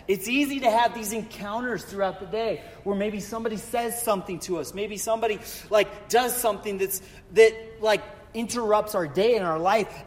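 A man preaching a sermon in a chatty, animated way, telling a story and asking rhetorical questions. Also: high voice. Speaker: pastor. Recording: long reverb of a hall.

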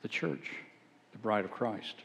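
A man's voice: on the low side, unhurried, creaky, fairly bright tone. A man, a pastor, preaching a sermon, earnest and at times emphatic as he exhorts his listeners. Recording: long hall reverb.

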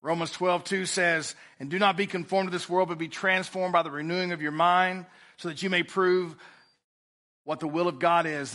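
A man preaching a sermon in a church, reading scripture aloud and swinging between loud emphasis and quiet, drawn-out lines. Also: high-pitched. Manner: preaching with rising and falling intensity. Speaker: pastor.

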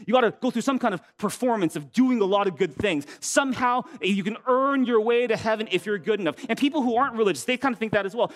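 A man with a notably high-pitched voice preaches a sermon as a pastor. He talks in a casual, animated way, telling the story and firing off rhetorical questions to his listeners. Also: fast, few pauses. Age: adult with an older son.

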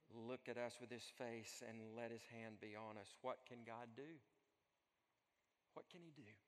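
A man preaching a sermon in a church sanctuary, his voice carried by a long hall reverb. His delivery moves from loud, pleading exclamations down to quiet, hushed storytelling. His pitch sits in a middle range for a man. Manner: dynamic, swings from loud pleading to soft near-whisper. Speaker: pastor.

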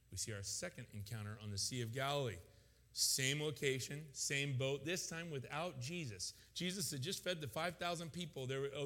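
Animated high-voiced preacher in a reverberant hall. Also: male voice. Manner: animated, jokes with congregation, acts out voices. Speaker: pastor. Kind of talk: sermon.

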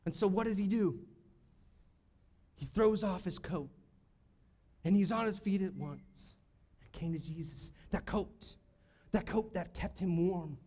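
A male pastor preaching a sermon, swinging between loud cries and hushed, quiet lines. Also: high-pitched. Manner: preaching with sudden shouts and hushed drops.

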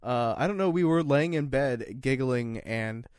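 A young man co-hosting a podcast, laid-back and swearing, talking in halting bits with restarts. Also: medium pitch, a little mellow, smooth, no room sound, clean studio sound. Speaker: podcast co-host. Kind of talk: casual chat.

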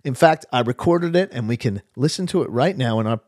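A man's voice: medium pitch, lively intonation, brisk, darkish tone, no echo, clean studio sound. A man, the church's pastor, introducing a recorded talk on the church podcast in an informal, direct way.

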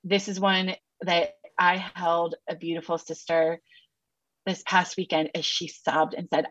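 A woman counselor talking on a podcast with sassy, animated asides and casual slang. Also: on the low side, a little slow, no echo, dull audio. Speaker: counselor guest. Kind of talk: podcast interview.

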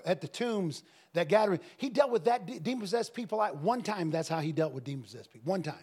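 A man preaching a sermon to a congregation, telling stories emphatically and breaking into shouts and laughter. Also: high voice, fast talker, breathy edge. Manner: emphatic, swings into shouting and laughter, lively storytelling. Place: church service with a congregation.

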